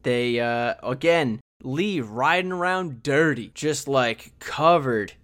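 A man's voice: mid-range voice, expressive, a bit bright. Male podcast co-host recapping a film loosely, chatty and rambling, quotes characters in passing. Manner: rambling plot recap with quick voiced quotes. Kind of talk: casual movie review chat.

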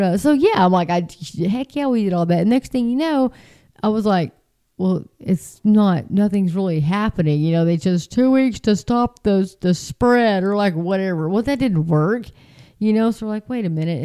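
A middle-aged woman talking casually to her viewers, chatty and animated, jumping into high mocking voices. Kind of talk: casual spoken monologue.

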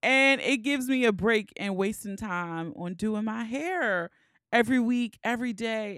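A woman's voice: fairly high pitch, a little slow, a bit bright, clear, resonant tone, no echo, studio quality. A woman with a Baltimore accent hosting her podcast, chatty and frank, laughing often. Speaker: podcast host. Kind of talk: casual podcast chat.

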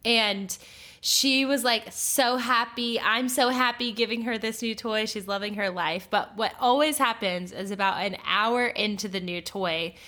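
A woman co-hosting a faith podcast who tells animated stories in casual chat, full of fillers. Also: on the high side, unhurried. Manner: animated storytelling with frequent fillers. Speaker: podcast co-host.

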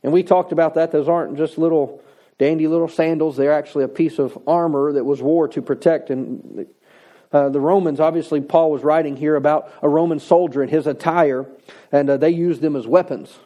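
Male pastor, high-pitched, mellow tone, emphatic conversational sermon delivery. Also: fairly even intonation, fairly quick, highs cut off. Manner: emphatic, conversational preaching with repetition.

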